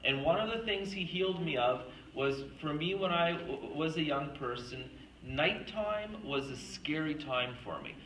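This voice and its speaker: Woman retreat speaker, earnest storyteller, bright tone, distant mic with faint room hum. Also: low-pitched, expressive, measured pace, hardly any pauses, echoey room. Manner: earnest, storytelling, acts out quoted speech. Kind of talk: faith talk to a retreat audience.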